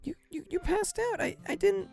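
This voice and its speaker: A shy, anxious young woman who stammers through every line, high and wobbly, with wide swings in pitch, as a man puts her on. Her small voice is a little gravelly at the edges. Faint music plays behind her. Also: animated, moderate pace, darkish tone, exaggerated voice. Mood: tearful, panicked. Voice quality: stutters on nearly every line. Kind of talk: visual novel read-aloud.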